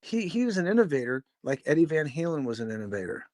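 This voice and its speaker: A man's voice: a little high, big pitch swings, fast talker, darkish tone, no echo, studio quality. A man from Chicago, a musician guest on a podcast, telling stories in a rambling, casual way, swearing freely and acting out what others said. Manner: rambling, swears freely, acts out quoted voices. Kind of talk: casual storytelling interview.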